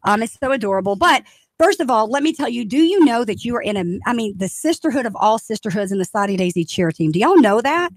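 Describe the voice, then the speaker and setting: A woman hosting a lively radio talk show, enthusiastic and chatty as she cheers her guests on. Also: on the high side, fast, dry recording. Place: radio studio. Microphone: studio microphone.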